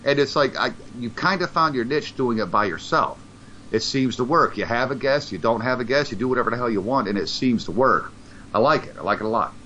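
A man's voice: medium pitch, brisk, sharp tone, a little hiss or hum. A man chatting casually on a podcast, rambling and swearing, stumbling over repeated words. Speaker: podcast co-host. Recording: dull lo-fi sound.

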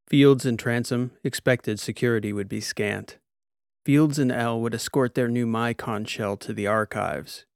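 Gravelly male audiobook narrator. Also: medium pitch, no echo, studio quality.

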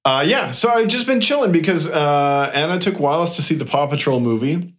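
A man co-hosting a podcast, talking about his evening in a relaxed, self-mocking way. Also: on the high side, brisk. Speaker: podcast co-host. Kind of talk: casual chat.

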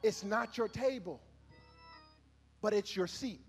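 A man with a very high voice preaches in a church, half-singing his lines in call-and-response. He climbs to ringing shouts, then sinks to near-whispers. Soft music plays faintly behind him. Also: slow. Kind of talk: sermon. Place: church sanctuary with congregation.

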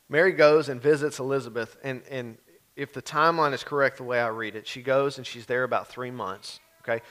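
Man preaching, relaxed and chatty, acts out voices in the story. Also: medium pitch. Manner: conversational preaching, acts out voices of biblical figures. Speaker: pastor. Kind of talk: sermon.

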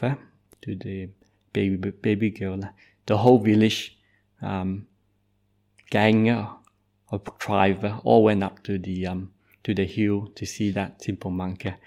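A Buddhist monk tells a story in a dharma talk, speaking in halting phrases that nearly always end in "eh". His voice sits low and carries a noticeable gravelly fry. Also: dark tone. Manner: hesitant, tags nearly every phrase with "eh".

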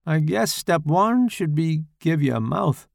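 A man's voice: a little high, animated, unhurried, vocal fry, no echo, studio quality, pitched above the performer's own voice. A man voicing a harried, pained horror writer.

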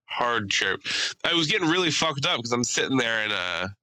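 A man's voice: medium pitch, very animated, quick pace, sharp tone, no echo, poor audio. A young man co-hosting a casual podcast, telling stories with crude jokes and putting on voices. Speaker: podcast co-host. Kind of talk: casual chat.

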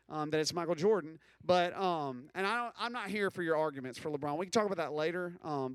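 Guy in his 30s rambling and joking to students, kinda high voice, dry mic. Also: smooth, no echo. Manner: conversational, joking, lots of "like" and "um". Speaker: speaker addressing students. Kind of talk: casual talk to a live audience.

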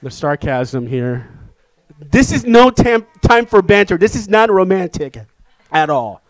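A man preaching a sermon as pastor, telling a personal story in an animated, self-deprecating way. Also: sits high, unhurried, no room sound.

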